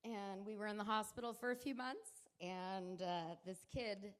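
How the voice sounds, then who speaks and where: A woman's voice: medium pitch, normal speed. A middle-aged woman speaks into a handheld mic at a wedding reception, giving a toast as the groom's mother. She rambles, laughs and tears up as she talks.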